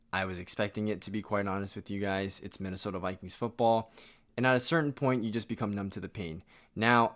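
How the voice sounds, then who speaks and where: A man's voice: on the low side, fairly bright tone, clean tone. A man hosting a sports podcast, delivering a blunt, exasperated and sarcastic rant. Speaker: podcast host.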